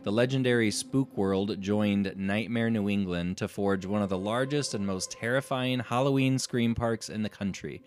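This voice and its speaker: Low-voiced man reading listings aloud. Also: normal speed, few pauses, a little hiss or hum. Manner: reads aloud, then jokes and laughs. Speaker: podcast host.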